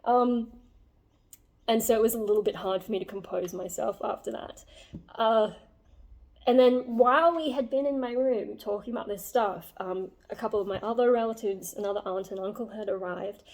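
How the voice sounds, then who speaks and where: A woman's voice: mid-range voice, normal speed, darkish tone. A young woman telling a personal story to her vlog audience, rambling with many fillers and reflecting earnestly on herself. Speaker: vlogger.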